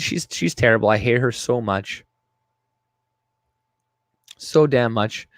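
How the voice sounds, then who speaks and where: A man's voice: mid-range voice, no echo, clean studio sound. A young man hosting a live stream, ranting profanely and reading his chat aloud. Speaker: livestream host. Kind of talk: casual live-stream commentary.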